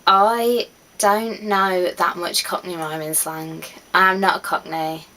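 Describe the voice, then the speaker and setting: A woman's voice: lowish voice, fairly even intonation, slow pace, pushed and bright, poor audio. A woman, chatting casually to camera with easy laughs and trailing asides. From West Midlands, England. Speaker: vlogger.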